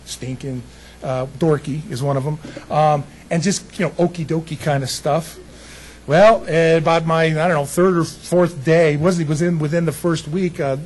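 A middle-aged male pastor preaching casually, telling a story with folksy, animated humor. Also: on the high side, slight background noise, low-quality recording. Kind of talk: casual sermon with personal story.

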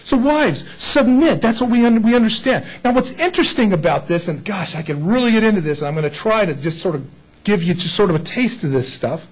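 A man's voice: sits high, expressive, brisk, husky, poor audio. A male pastor preaching a casual sermon to a congregation, often putting rhetorical questions to his listeners. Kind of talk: conversational sermon.

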